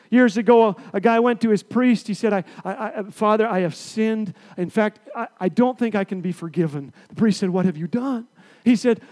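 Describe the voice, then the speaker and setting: A middle-aged man with a high voice preaches to a congregation. He tells a personal story, swinging from loud, punchy bursts to quiet, hushed asides. The effect is expressive and conversational. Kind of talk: sermon with storytelling.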